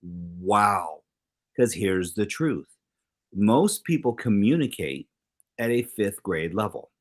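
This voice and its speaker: A middle-aged man co-hosting a talk show in casual chat, animated, acting out quoted exchanges with big swings in his voice. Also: lowish voice, a little slow. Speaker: co-host.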